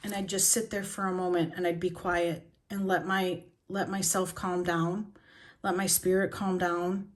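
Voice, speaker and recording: A woman's voice: lowish voice, flat delivery. Blunt, emotional woman vlogger. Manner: blunt, raw and heartfelt, with pauses and fillers. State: shaken and emotional. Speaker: planner vlogger. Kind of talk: emotional journaling talk to camera.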